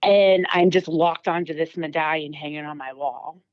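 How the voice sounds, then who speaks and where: A woman's voice: deep voice, steady tone, moderate pace, muffled recording. A woman giving a personal testimony as a podcast guest, telling her story vividly with many fillers and restarts.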